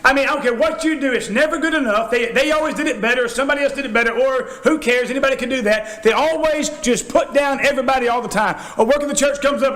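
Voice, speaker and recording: A man preaching a sermon in a church, folksy and animated, often acting out quoted voices. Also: very high-pitched, a little fast.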